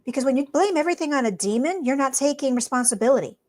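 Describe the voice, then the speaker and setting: A woman co-hosting a podcast, talking in a blunt, emphatic and animated way. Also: high voice, quick pace. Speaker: podcast co-host. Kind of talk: casual chat.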